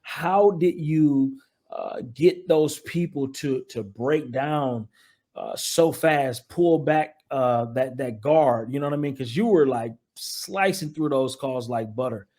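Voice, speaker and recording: A man who is an investor, a guest in a casual interview, with a smooth, cool late-night DJ voice. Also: medium pitch, slow, mellow.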